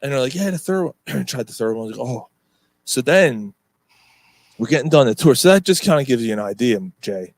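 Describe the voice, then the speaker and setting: A podcast co-host with a mid-range, expressive voice talks fairly quickly as he tells rambling stories. It's casual pub-style conversation, full of swearing and fillers, recorded with no room sound.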